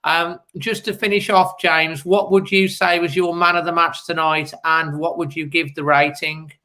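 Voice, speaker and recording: A man's voice: a little high, level tone, moderate pace, pushed and bright. A man hosting a fan phone-in show, encouraging the caller and reading out viewer comments. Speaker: host.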